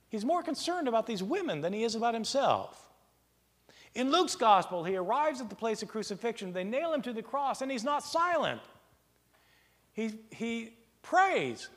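A man lecturing in a high voice that swings widely in pitch. He talks in an animated way and keeps asking rhetorical questions. His words ring out with a long reverb, as in a big hall. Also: moderate pace. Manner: animated, rhetorical questions, plays out imagined exchanges. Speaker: lecturer on early Christian texts.

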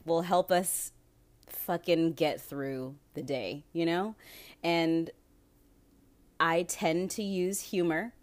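Low, slow-talking profane woman podcaster. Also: fairly even intonation. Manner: profane, laughing, candid. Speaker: podcast host. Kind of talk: casual solo podcast monologue.

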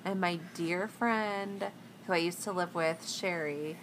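A woman co-hosting a podcast in casual chat, rambling with lots of "like" and trailing off quietly. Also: on the low side, unhurried, a little hiss or hum. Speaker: podcast co-host.

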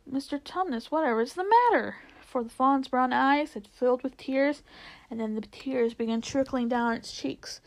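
A woman reads a children's novel aloud at a steady, gentle pace. Her voice sits a little high for a woman, with a marked gravelly fry. She tells the story calmly and clearly. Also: poor audio.

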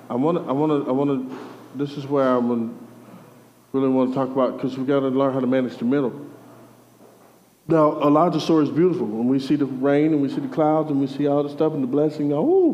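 A man preaching a lively sermon, calling out to the congregation through a microphone. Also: mid-range voice, quick pace, a little hiss or hum. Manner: energetic call-and-response preaching. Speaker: pastor. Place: church hall. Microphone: handheld or stage mic. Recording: dull audio in a reverberant hall.

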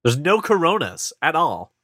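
Bright, animated man reviewing movies. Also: on the high side, moderate pace, no room sound, studio quality. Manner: rambling, animated, puts on voices to mock scenes. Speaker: podcast co-host. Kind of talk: casual movie review chat.

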